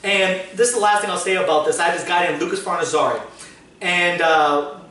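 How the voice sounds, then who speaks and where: High-voiced man telling rambling stories. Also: a little fast, sharp tone. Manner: rambling, filler-heavy, swears casually. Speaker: podcast host, business owner. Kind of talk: casual storytelling chat. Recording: echoey room, distant mic, faint noise.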